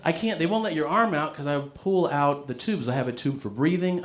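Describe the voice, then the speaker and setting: A man telling a stand-up story in an animated, profane way, laughing through it. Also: mid-range voice. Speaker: stand-up comedian.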